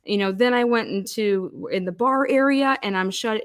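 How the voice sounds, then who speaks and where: A woman's voice: fairly high pitch, expressive, unhurried. A middle-aged woman telling stories in a casual monologue, profane and exasperated, acting out quoted voices. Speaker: commentator on a criminal case.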